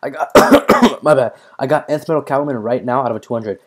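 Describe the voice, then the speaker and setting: Quick-paced and mid-range in pitch, this young man streams his mobile game live with casual, excitable commentary. He swears a lot, reads the chat out loud, and keeps getting interrupted by hiccups and clearing his throat.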